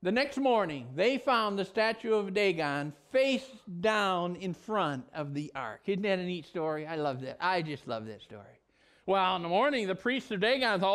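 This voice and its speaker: A male pastor teaching a Bible lesson in a vlog, telling the story in an animated, conversational way. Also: very high-pitched, moderate pace, clean tone.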